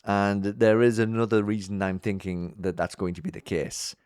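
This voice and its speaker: Chatty low-voiced man hosting a vlog. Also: flat delivery, moderate pace, darkish tone, clean tone, dry recording, clean studio sound. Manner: chatty and upbeat, with many fillers and restarts; voice jumps high when being sincere. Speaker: YouTube show host. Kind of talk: casual commentary vlog.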